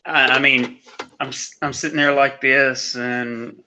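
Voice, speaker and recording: A man in a casual sports chat, talking earnestly and haltingly as he restarts his thoughts. His voice is bright and forward, at an ordinary middle pitch. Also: little pitch movement, a little hiss or hum. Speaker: podcast co-host.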